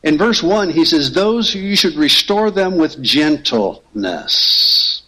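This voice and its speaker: A male pastor delivering a sermon in a fairly high voice. He speaks earnestly and emphatically, driving his points home by repeating key phrases. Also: big pitch swings, slow, pushed and bright, rough recording.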